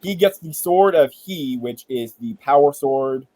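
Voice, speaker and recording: Guy hosting a chill pop culture chat, kinda high voice, dry close sound, jokey and a bit sweary. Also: measured pace, no room sound, poor audio. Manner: animated, joking storyteller who swears casually. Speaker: podcast host. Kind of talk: casual entertainment chat.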